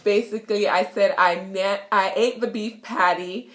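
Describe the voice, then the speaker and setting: Jamaican girl in her kitchen teaching patois words, silly and giggly, says stuff slow and repeats it. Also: mid-range voice, steady tone, fairly bright tone. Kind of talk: casual video lesson. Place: home kitchen.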